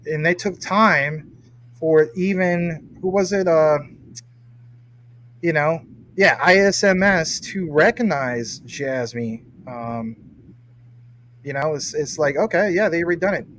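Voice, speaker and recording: A man's voice: fairly high pitch, takes it slowly, a bit bright, slight background noise, poor audio. A man hosting a casual livestream, reading viewer comments and teasing his guest playfully. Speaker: livestream host.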